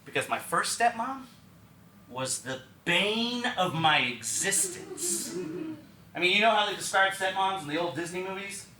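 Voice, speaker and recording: A man's voice: sits high, sing-song, a little slow, a crowd in the background. A young man from Texas performing an autobiographical one-man show, telling his story to the audience in a wry, confiding way. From Texas, USA. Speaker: solo stage performer. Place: small theatre stage. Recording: roomy theatre recording from a distance.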